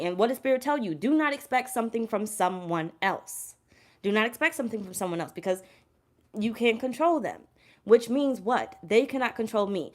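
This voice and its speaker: A woman's voice: on the high side, a bit bright. A woman tarot reader giving a casual spiritual pep talk to camera. She speaks bluntly and emphatically, curses freely and repeats her points. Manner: blunt, emphatic, heavy cursing, repeats herself.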